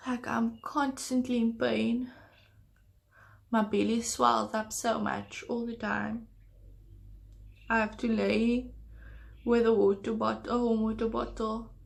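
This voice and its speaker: A woman's voice: on the high side, little pitch movement, a little slow, creaky, long pauses. A young woman talking to camera in a personal storytime vlog, hesitant and earnest. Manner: hesitant, earnest confessional talk. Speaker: vlogger.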